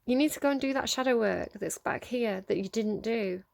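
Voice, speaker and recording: A woman's voice: a little high, fairly quick, gravelly, darkish tone, no echo. A woman giving a casual tarot reading straight to her viewers, earnest and coaxing, laughing often between points. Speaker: tarot reader.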